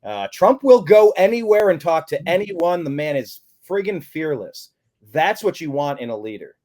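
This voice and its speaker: A man with a lively, swooping delivery and a slightly high voice co-hosts a political talk show. He rants emphatically and throws in sarcastic jabs. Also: normal speed. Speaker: co-host. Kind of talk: political commentary chat.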